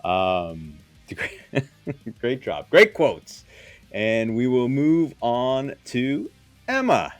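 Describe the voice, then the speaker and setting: Man, podcast host, teasing, animated pitch, faint background music. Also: very slow. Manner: playful, teasing moderator. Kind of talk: casual panel chat.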